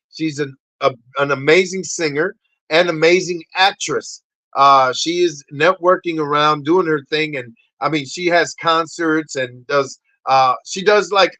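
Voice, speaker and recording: A middle-aged man hosts a casual livestream and calls out greetings to his viewers with loud, bright energy. His voice sits a little high for a man and has a forceful edge. The sound is close and dry, and between the shouted hellos he talks low and quietly. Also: dry recording, poor audio. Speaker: livestream host.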